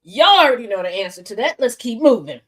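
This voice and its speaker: A woman hosts a news commentary stream with a sassy, animated delivery, slipping into mimicked voices as she retells events. Her voice sits high. It jumps and dips with lively swings in pitch. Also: quick pace. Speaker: host.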